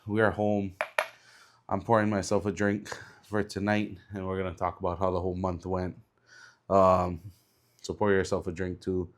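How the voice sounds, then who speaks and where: A young adult man with a stuffed-up, congested voice, giving a relaxed, chatty vlog update. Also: deep voice, moderate pace, long pauses. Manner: relaxed, chatty, many ums. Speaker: car salesman vlogger. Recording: background noise behind the voice.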